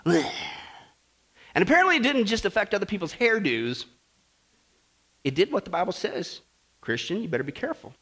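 Animated, bright-voiced male preacher. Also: fairly high pitch, fairly quick. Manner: animated, exhorting. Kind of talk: sermon.

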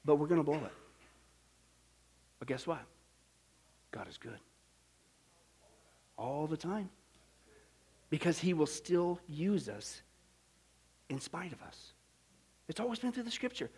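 A man preaching a sermon as pastor, swinging between hushed asides and emphatic, shouted passages. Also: sits high, lively intonation, normal speed, pauses often, breathy edge.

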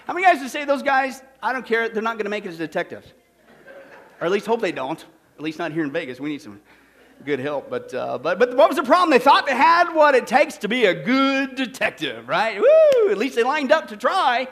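A man preaching a sermon in a church, animated and conversational, checking in with the congregation as he goes. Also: very high voice, brisk. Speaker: pastor. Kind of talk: sermon with storytelling.

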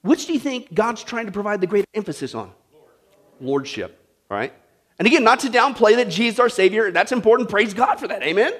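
Male pastor, sermon to a live congregation, high voice, lively swoops. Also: brisk. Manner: animated preaching, asks the congregation questions.

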